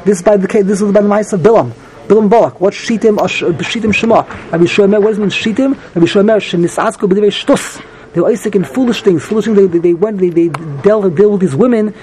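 A man giving a Talmud class, reading Hebrew phrases and explaining them quickly in English with many restarts. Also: high voice, darkish tone, low-quality recording. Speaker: Talmud teacher.

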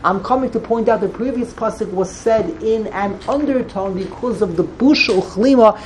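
Animated woman Torah teacher who trips over her words when excited and uses plenty of Hebrew terms, at an average pitch. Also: a little hiss or hum. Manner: animated, jumps into dramatized dialogue with Hebrew and Yiddish terms; frequent restarts and stammers when excited. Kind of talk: Torah lecture.

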